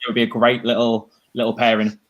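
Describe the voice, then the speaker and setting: An easygoing man talks cocktails and food pairings with open enthusiasm. He leans on "like" and quick restarts. His voice sits at a plain middle pitch for a man. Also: completely flat delivery. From United Kingdom. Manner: easygoing, enthusiastic, filler-heavy with "like". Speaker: bartender and co-host. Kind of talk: casual live tasting chat.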